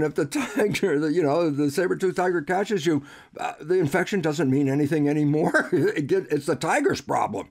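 An older man, a biologist guest, explaining science in an animated way and acting out questions and answers with himself. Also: on the high side, moderate pace, creaky. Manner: animated storyteller, acts out dialogue with himself.

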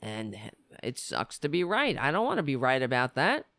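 A woman's voice: a bass voice, wildly swooping pitch, normal speed, fairly bright tone, no echo, clean studio sound. A woman delivering a sardonic, rambling comic monologue from the United States. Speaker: comedian. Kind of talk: stand-up style comic monologue.

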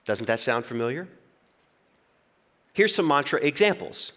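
Casting: man, 40s, pastor delivering a sermon, very expressive pitch, storyteller who acts out inner voices. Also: measured pace.

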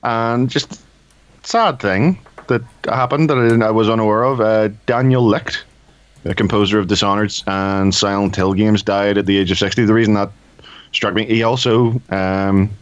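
Low-voiced rambling man, dull dry mic. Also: steady tone, normal speed, smooth, no echo. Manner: rambling, self-correcting, wry. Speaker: podcast co-host. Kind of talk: casual chat.

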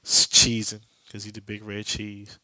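A man's voice: lowish voice, completely flat delivery, a little slow, sharp tone, dry recording. A young man hosting a podcast, recapping a comic book story in streetwise slang with jokes and lots of profanity. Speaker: podcast host.

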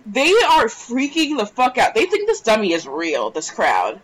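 A woman co-hosting a podcast, chatting casually with sarcastic, lively remarks. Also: a little high, unhurried, rough recording. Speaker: podcast co-host. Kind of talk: casual chat.

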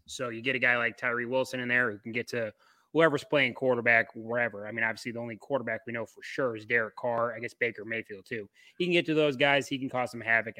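Guy cohosting a sports podcast, bright voice, dry close sound, rambles with lots of ums. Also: mid-range voice, no echo. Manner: loose, rambling, many fillers. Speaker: podcast co-host. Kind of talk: casual sports podcast chat.

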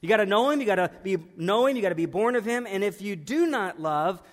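A man in his thirties preaches a sermon in a church, his voice pitched high. He talks in a conversational, emphatic way and drives points home by repeating them. The sound carries the long reverb of a large hall. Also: expressive, fast talker.

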